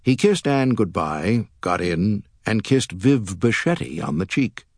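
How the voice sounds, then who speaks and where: A man narrating a thriller audiobook in a measured, expressive storytelling way, recorded on a close studio mic. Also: lowish voice, no echo. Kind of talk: scripted narration.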